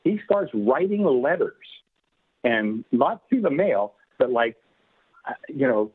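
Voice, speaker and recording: Casting: husky man, chatty storyteller, thin telephone-band sound. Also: mid-range voice, sing-song, slow. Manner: rambling, laughing often, many fillers. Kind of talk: casual anecdote telling. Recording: tinny phone-like radio line.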